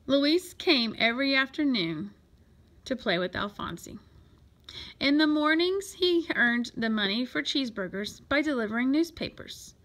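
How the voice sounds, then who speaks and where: A woman reading a children's picture book aloud in an expressive, lively way. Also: sits high, moderate pace. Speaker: storyteller.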